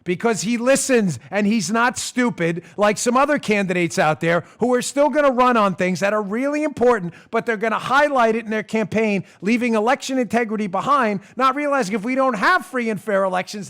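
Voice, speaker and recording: Animated, emphatic male talk show host. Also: sits high. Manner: animated, emphatic, laughs often, talks to his producer. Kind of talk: opinionated monologue.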